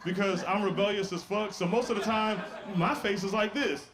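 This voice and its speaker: A man's voice: sits high, fairly even intonation, moderate pace, very noisy. A man doing a stand-up comedy set, telling stories in a brash, playful way with asides to the crowd.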